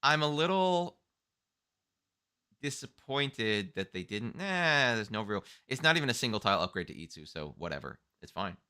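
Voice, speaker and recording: A man's voice: medium pitch, big pitch swings, normal speed, bright, forceful tone, smooth. A man co-hosting a mahjong stream, thinking aloud through plays in casual commentary.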